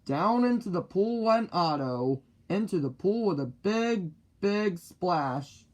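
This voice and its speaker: A man reading a children's picture book aloud in the first person, slow and deliberate. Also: sits high, expressive. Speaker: storybook reader.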